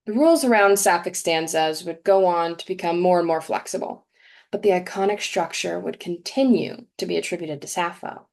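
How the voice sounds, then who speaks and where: A young adult woman giving a prepared talk at a congregation service, explaining things in a measured way and reading verse slowly with emphasis. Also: lowish voice, creaky, a little mellow. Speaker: guest speaker at a congregation service. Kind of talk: prepared talk read aloud.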